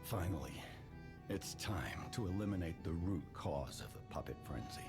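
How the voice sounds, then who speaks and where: A man's voice: low-pitched, lively intonation, normal speed, music in the background. A grave old father in a game. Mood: solemn. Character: solemn elderly father urging his son on. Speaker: game character. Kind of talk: video game voice acting.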